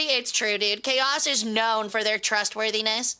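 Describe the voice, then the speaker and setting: A woman streams a strategy game with loose, rambling chatter and plenty of swearing. Her voice sits high and sounds bright and sharp. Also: steady tone, unhurried, clean tone. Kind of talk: casual gaming livestream commentary.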